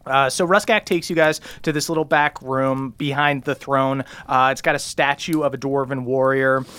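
A man's voice: mid-range voice, steady tone, normal speed, a bit bright, smooth, dry recording. A man running a tabletop game as game master, narrating loosely and swearing casually. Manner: loose, laughing narration with profanity.

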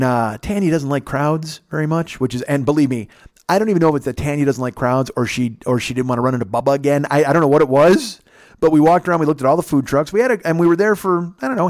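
A man's voice: on the high side, dry recording, clean studio sound. A man hosting a podcast, telling a story in a casual, rambling, profane way. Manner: profane, rambling, laid-back. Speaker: podcast host.

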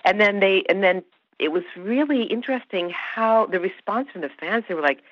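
A woman's voice: mid-range voice, normal speed, no echo. A woman being interviewed about her acting work, talking emphatically and often restarting her sentences. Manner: animated, emphatic, with many restarts. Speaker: actress guest. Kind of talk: interview conversation. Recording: dull lo-fi sound.

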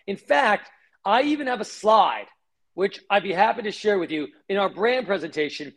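High-voiced man telling stories fast. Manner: fast, animated, acts out quoted voices. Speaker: guest, company founder. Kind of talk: animated storytelling interview.

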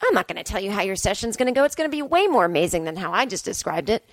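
A woman's voice: medium pitch, very animated, very fast, dry recording. A woman in her forties hosting a solo podcast from a hotel room, chatty, sarcastic and self-deprecating as she tells stories. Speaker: podcast host. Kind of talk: casual solo podcast monologue.

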